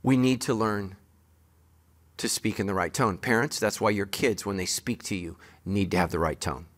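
A man's voice: on the low side, moderate pace. A man preaching a sermon as pastor, speaking straight to his congregation with emphatic, joking asides.

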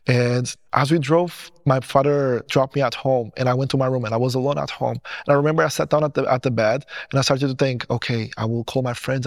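Earnest man with a gravelly, dry voice. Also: mid-range voice, dry recording. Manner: earnest, retelling dialogue, restarts phrases. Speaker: testimony speaker. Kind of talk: personal testimony storytelling.

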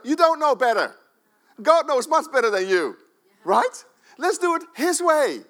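A pastor from the Netherlands, preaching a sermon in a church, swinging between loud, emphatic urging and quiet asides. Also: male voice, very high-pitched, very animated, normal speed.

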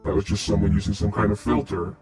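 A man's voice: fairly low pitch, little pitch movement, fast, music in the background, lightly acted. A man voicing a cocky male iron golem priest who brags about fighting and drinking and gets touchy about his catchphrases. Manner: swaggering, boastful, touchy.

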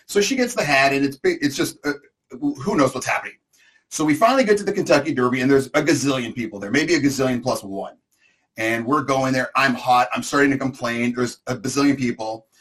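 A middle-aged man spins a rambling, exaggerated comic story in a relaxed co-host chat. He talks at an ordinary pitch, loose and conversational, piling on asides and overstatements. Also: brisk.

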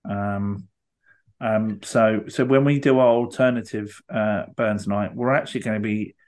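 A man with a somewhat low voice, chatting as a podcast co-host. He talks in a halting way, filling gaps with ums and circling back to rephrase. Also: steady tone, darkish tone. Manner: halting, many ums and restarts. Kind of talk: casual podcast chat.

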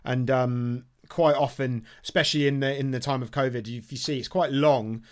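A man's voice: medium pitch, fairly even intonation, normal speed. A man co-hosting a podcast in a chatty, jokey way, laughing often. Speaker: podcast co-host. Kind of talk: casual chat.

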